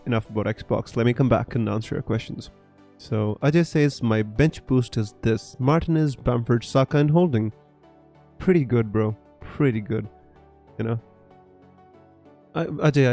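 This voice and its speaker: A fantasy football streamer from Punjab, with a Punjabi Indian English accent, chats casually on a live stream and reads out viewer questions. His mid-range voice is warm, and his easygoing, chatty talk is peppered with "you know" and "bro."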